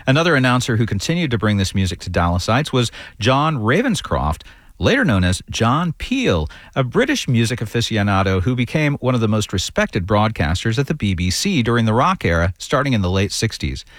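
A man reading a scripted history segment in a measured storytelling manner. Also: mid-range voice, very animated, no room sound, studio quality. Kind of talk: scripted narration.

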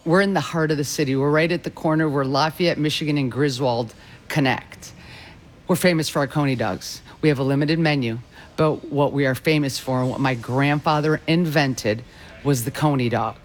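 A man who owns a restaurant talks in an interview, proud and emphatic. His voice sits slightly higher than most men's. He stresses each point as he makes it. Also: normal speed. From Detroit. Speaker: restaurant owner.

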